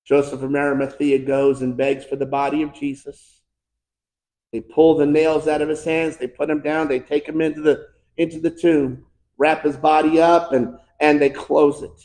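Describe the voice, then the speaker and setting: An American pastor preaching a fervent sermon, swinging between shouted climaxes and hushed, quiet lines. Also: male voice, fairly high pitch, flat delivery, normal speed. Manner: impassioned preaching, building to shouts and dropping to hushed tones. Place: church sanctuary. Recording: echoey church room.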